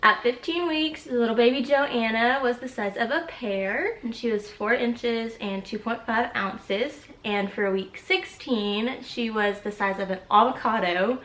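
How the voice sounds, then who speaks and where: A woman's voice: a little high, a little slow, hardly any pauses, a bit bright. A woman in her twenties chatting casually and giggling in a pregnancy update vlog, a little out of breath. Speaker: vlogger. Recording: echoey room.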